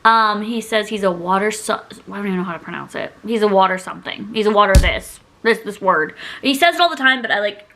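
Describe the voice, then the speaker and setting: A woman's voice: medium pitch, lively intonation, brisk, hardly any pauses, a bit bright, a little hiss or hum. A woman in her twenties chatting to camera in a rambling, giggly, self-mocking way as a beauty YouTuber at home. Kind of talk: casual chat to camera.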